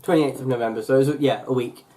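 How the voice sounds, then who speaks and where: Young male vlogger, mid-pitch, chatty and meandering, lots of fillers and self-corrections. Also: steady tone, fast, dark tone. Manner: rambling, full of fillers and restarts. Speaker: YouTuber. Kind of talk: casual vlog chat.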